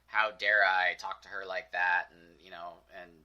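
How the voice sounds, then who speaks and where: A man's voice: deep voice, level tone, normal speed, lo-fi sound. A young man hosting a podcast, telling a personal story in a candid, reflective way with many fillers. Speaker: podcast host.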